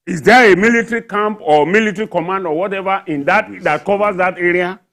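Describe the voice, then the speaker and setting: Indignant man with a high voice. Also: fairly quick, a bit bright. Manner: indignant, rhetorical questions, repeated emphasis. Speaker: journalist panelist. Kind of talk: studio panel discussion. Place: television studio.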